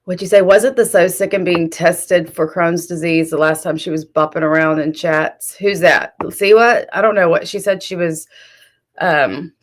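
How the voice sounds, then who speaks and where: This streamer host speaks at a normal speed in a steady, lowish voice, with a little hiss or hum in the background. Sassy and full of gossip, she chats casually on her live stream, calling people out and talking straight to her chat.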